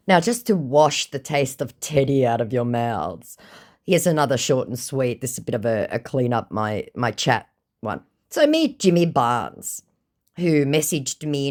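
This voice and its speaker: A woman's voice: rumbling low, darkish tone. A woman vlogger telling a scam-baiting story in a sarcastic, exasperated way and swearing freely. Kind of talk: casual storytelling, reading chats aloud.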